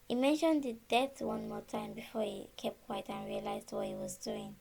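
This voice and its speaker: A woman's voice: mid-range voice, normal speed, vocal fry, a little hiss or hum. A woman from Nigeria, probably in her thirties, casually telling a personal story and acting out the conversations she had. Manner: animated, reenacts conversations with quoted dialogue. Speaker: storyteller sharing her birth experience.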